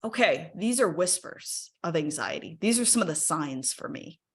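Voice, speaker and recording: Woman webinar speaker, slightly low voice, chatty and encouraging, lots of "right?" and "like". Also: expressive, moderate pace, a bit bright, husky. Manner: encouraging, invites audience to use the chat. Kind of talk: casual live webinar talk.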